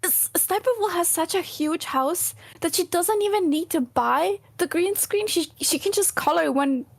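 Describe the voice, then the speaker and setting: A woman co-hosts a casual reaction chat, teasing and mocking. Her voice sits high with a gravelly fry, recorded dry and close. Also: normal speed, no echo. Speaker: co-host.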